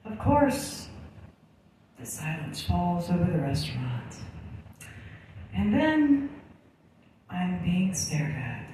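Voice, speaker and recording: A woman's voice: on the low side, dark tone, slight background noise. A woman telling a crude, sarcastic stand-up story in a blunt way. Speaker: comedian. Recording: echoey room from far off.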